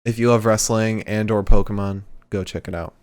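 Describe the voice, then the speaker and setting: A man's voice: on the low side, fairly even intonation, a little fast, darkish tone, clear, resonant tone. A young man co-hosting a wrestling podcast, chatting casually with jokey, laid-back patter. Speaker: podcast co-host. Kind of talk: casual chat.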